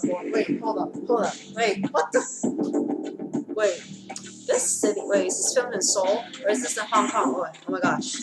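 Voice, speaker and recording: A woman hosting a reaction video in casual commentary, excitable and gushing, shrieking over her favorite. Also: mid-range voice, unhurried, poor audio. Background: loud trailer music.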